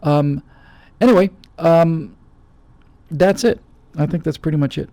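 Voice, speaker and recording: A man's voice: a little high, a little slow, warm tone, no echo. A middle-aged man hosting a show, giving emphatic, blunt opinions in answer to viewer questions and acting out quoted voices. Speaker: host.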